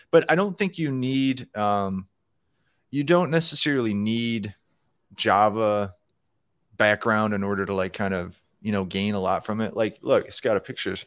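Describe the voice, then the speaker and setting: A man chatting casually on a live programming stream, circling his point with lots of "um" and "like" and starting sentences over. His voice sits at an ordinary pitch. The mic sound is dry and close, with no room echo. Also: fairly bright tone, clean tone. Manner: rambling, many fillers and restarts. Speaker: co-host of a live electronics programming show.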